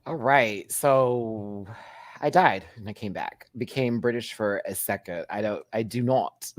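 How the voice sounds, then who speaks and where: A man's voice: fairly low pitch, a little slow, no echo. A man hosting a live show recap, chatting casually with lots of laughs and gossipy asides. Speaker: host.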